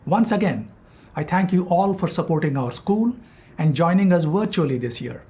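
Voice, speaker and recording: A man's voice: high voice, lively intonation, moderate pace, a little mellow. A man reading a prepared welcome address to donors, formal and grateful. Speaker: school head giving a welcome.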